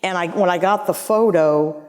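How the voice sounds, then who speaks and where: A woman's voice: lowish voice, moderate pace. A woman in her sixties, a former album art director, telling stories in an interview and acting out the voices of people in them. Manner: animated storyteller who acts out voices in her anecdotes. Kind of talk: conversational interview storytelling. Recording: long hall reverb.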